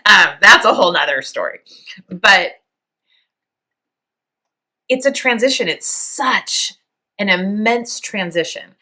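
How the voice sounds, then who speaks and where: A woman in her fifties hosting a podcast, speaking in a reflective, halting way, close to tears and laughing softly now and then. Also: deep voice. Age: 50s. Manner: soft, halting, near tears, with small laughs. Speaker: podcast host. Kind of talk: reflective personal monologue.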